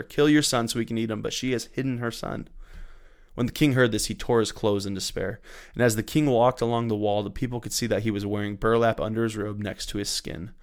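Low-voiced man reading scripture aloud. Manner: measured, unhurried reading with occasional slips and self-corrections; lifts his voice for quoted speakers. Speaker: church Bible reading host.

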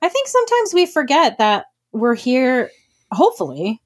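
A woman co-hosting a podcast, giving relationship advice in casual chat with an earnest, emphatic manner and quick laughs. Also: high voice, huge pitch swings. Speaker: podcast co-host.

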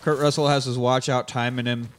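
A man's voice: medium pitch, little pitch movement, brisk, clean tone. A young man hosting a podcast, casually retelling a film with lots of fillers and swearing. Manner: rambling, profane, uses many fillers. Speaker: podcast host.

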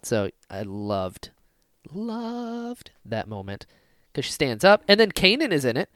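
A man co-hosting a casual fan podcast, talking excitedly and acting out scenes with sudden loud bursts. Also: on the low side, moderate pace, no room sound. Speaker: podcast co-host.

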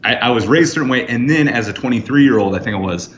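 A man in his thirties from the United States, a podcast guest telling lively anecdotes and acting out quoted lines. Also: medium pitch, quick pace, a little hiss or hum. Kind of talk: storytelling in a podcast interview. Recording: roomy, slightly dull sound.

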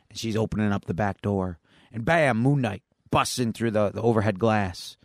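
A man's voice: lowish voice, normal speed, dry recording, clean studio sound. A man co-hosting a podcast, retelling a comic plot casually with lots of restarts. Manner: rambling storyteller, many fillers and restarts. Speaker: podcast co-host. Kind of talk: casual chat.

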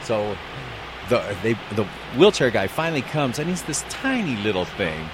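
A man's voice: medium pitch, big pitch swings, moderate pace. A man, a flight attendant, casually telling a rambling work story full of quoted dialogue. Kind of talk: casual anecdote. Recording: street noise behind.

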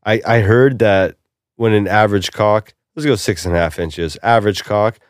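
Brash male podcast host, crude banter, slightly low voice. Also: normal speed, dry recording, studio quality. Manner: brash, joking, swears a lot. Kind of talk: casual crude banter and ad read.

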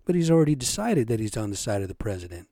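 A man's voice: on the low side, very animated, racing, mellow, dry recording, clean studio sound. A man hosting a podcast, ranting in an agitated, profane way and firing off rhetorical questions. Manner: rhetorical questions with repeated "you know" and "right". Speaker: podcast host. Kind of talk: solo podcast rant.

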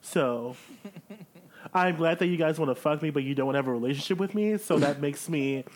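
A man in casual podcast chat, slangy and animated, packing his talk with "like". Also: on the high side, brisk. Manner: slangy, animated, heavy on "like" fillers.

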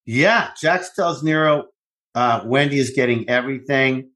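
Animated middle-aged man bantering. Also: mid-range voice, unhurried. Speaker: podcast co-host. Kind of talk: casual chat.

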